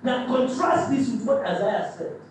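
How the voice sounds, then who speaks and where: A man's voice: very high-pitched, normal speed, slight background noise. A man preaching a sermon, emphatic and repetitive, stumbling into restarts as he drives his points home. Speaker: pastor. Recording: echoey hall, mic at a distance.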